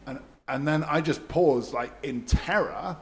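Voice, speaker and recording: Animated, laughing man telling stories. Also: a little high, measured pace, a little hiss or hum. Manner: animated storyteller, laughs often, acts out quotes. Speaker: podcast co-host. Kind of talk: casual storytelling chat.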